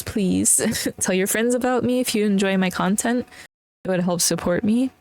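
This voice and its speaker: A young woman hosting her own podcast, talking in an earnest, emotional and encouraging way, with many pauses and fillers. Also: medium pitch, a little mellow. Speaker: podcast host. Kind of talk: casual solo podcast talk.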